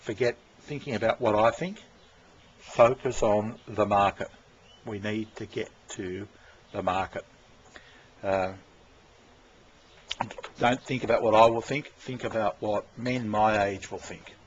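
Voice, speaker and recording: A man's voice: fairly low pitch, fairly even intonation, unhurried, pauses often. A man talking in a rambling, casual monologue, full of fillers and restarts and swearing freely as he gives directions. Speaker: vlogger giving creative direction. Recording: dull lo-fi sound with faint room noise.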